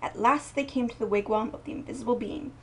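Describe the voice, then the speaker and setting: A woman reading a picture book aloud in a slow, expressive storytelling manner. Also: a little high. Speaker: storybook reader. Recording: voice a bit distant from mic.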